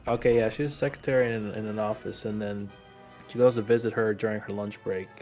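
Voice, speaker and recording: Low-voiced man recapping with halting fillers. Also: fairly even intonation, darkish tone, faint music behind. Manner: halting, many fillers and restarts. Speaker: podcast co-host. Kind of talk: casual episode recap.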